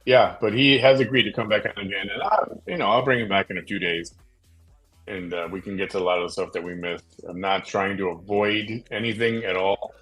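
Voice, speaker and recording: A man hosting a late-night talk show, chatting casually in a rambling way with many fillers and pauses. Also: on the low side, fairly bright tone, breathy edge, soft background music, poor audio. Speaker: podcast host.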